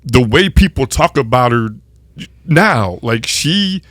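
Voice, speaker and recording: A man hosting a podcast interview, reflective and soft-spoken, with many fillers. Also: medium pitch, lively intonation, slow, no echo, clean studio sound. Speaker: podcast host. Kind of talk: interview conversation.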